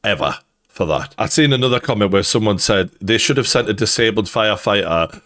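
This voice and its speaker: A man's voice: on the low side, expressive, fairly quick, a bit bright. A man with a Geordie accent giving blunt, sweary and sardonic commentary on news clips. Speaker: YouTube commentator.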